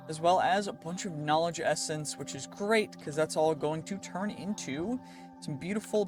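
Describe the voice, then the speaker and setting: A man with a slightly higher voice than most talks his way through a video game session. He comments on loot and danger as it happens, in a chatty, excitable way. Clear game music plays behind him throughout. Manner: chatty, excitable, talks to himself while playing. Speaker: gaming YouTuber. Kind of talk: let's play commentary.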